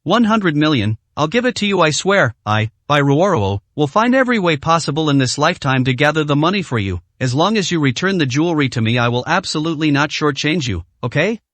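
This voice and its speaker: A heartbroken young woman in an audio story, pleading through tears with halting words, as a male narrator puts her on. The voice sits a little high and sounds dry and close. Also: big pitch swings, a bit bright, dry recording. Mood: desperate.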